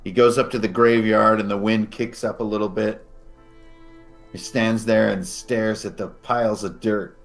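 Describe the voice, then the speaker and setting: A man as game master, narrating scenes descriptively and slowing down for dramatic moments. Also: on the low side, flat delivery, soft background music.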